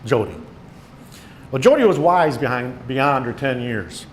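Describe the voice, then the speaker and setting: An older man reads his own tales aloud with lively storytelling, his pitch sitting in an ordinary middle range. A faint hum of room ambience sits behind him as he talks to a small gathering. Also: normal speed. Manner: storytelling with animated quoted voices. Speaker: author giving a presentation. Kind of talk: reading his memoir stories aloud. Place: meeting room.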